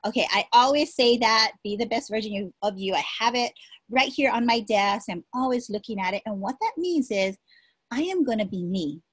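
A woman coaching her sales team in an upbeat, encouraging way, circling back to the same points over and over. Her voice sits fairly high with a husky edge. The sound is dry and close, recorded at her desk. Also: moderate pace, no room sound. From Hawaii. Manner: energetic, repetitive, encouraging. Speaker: direct sales team leader. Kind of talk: motivational coaching talk.

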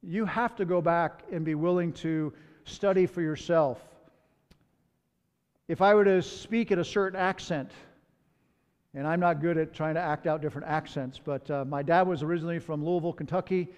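A man's voice: a little high, normal speed, a little mellow, clean tone. A man pastor preaching a sermon in a conversational way, with personal asides, in a church sanctuary. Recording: long hall reverb.

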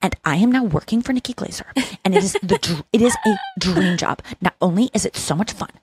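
A young adult woman hosting a podcast, telling animated stories in casual chat and acting out what others said. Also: mid-range voice, a little fast, a little hiss or hum. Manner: animated storytelling, acts out quoted voices. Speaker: podcast host.

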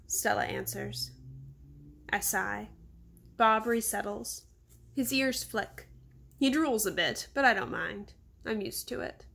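A woman calmly reading a children's novel aloud. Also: mid-range voice, a little slow, vocal fry, slight background noise. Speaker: reader.

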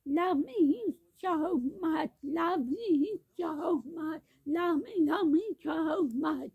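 A woman's voice: very high-pitched, drawn-out words, gravelly, hardly any pauses, no room sound. A woman in a rambling sung-spoken monologue, repeating each phrase again and again. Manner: repetitive, chanting phrases over and over. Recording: tinny phone-like dry recording.

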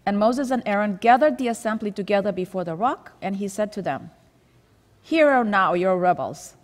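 A woman's voice: mid-range voice, animated, normal speed, long reverb tail. A woman leading a Sabbath School Bible study in a conversational way, reading scripture aloud and explaining it. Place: church.

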